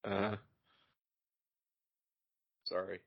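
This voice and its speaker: A man's voice: low voice, little pitch movement, very slow, creaky, slightly rough. A man guesting on a podcast, rambling with dry jokes and lots of fillers. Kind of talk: casual live-watch chat. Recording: dull lo-fi sound.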